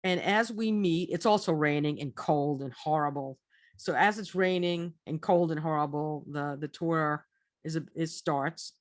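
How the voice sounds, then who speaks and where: A woman's voice: deep voice, no echo, clean studio sound. A woman telling a casual travel story, chatty and rambling, restarting her phrases often. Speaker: storyteller recounting a trip.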